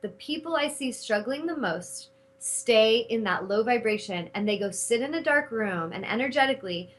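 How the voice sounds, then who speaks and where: A middle-aged woman hosting a spiritual talk show, speaking in an animated, casual way and cursing freely when she retells her anger. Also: fairly high pitch, normal speed, poor audio. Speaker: host.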